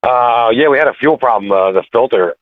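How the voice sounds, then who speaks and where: A man calling in as a guest racer, talking in halting, filler-heavy bursts over the phone. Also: medium pitch, no room sound. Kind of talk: casual phone interview. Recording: tinny phone line, dry.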